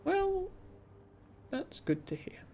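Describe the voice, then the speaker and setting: A man's voice: medium pitch, moderate pace, darkish tone. A man with a generic Southern English accent chatting casually as a streamer, rambling and self-deprecating, reading out viewer messages. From Somerset, southwest England.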